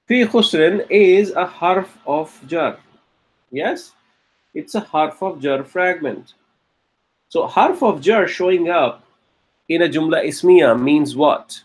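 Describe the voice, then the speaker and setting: A man lecturing on grammar with a slightly husky, fairly high voice. He teaches patiently, often asks "okay?" and slows down to stress key terms. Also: animated. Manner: patient, checks in with frequent "okay?" and "correct". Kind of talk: classroom lecture.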